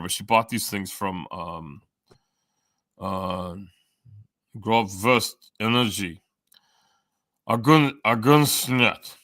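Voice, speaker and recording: A man's voice: lowish voice, a bit bright, dry recording, studio quality. A man chatting casually on a live stream, reading and answering chat, rambling and joking with frequent swearing and fillers. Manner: many fillers, jumps between topics.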